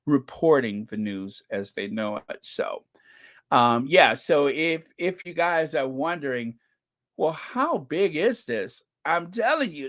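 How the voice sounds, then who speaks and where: A man's voice: mid-range voice, fairly bright tone. A man hosting his own online channel, chatting casually, reading viewer comments aloud and laughing often as he talks. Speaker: channel host.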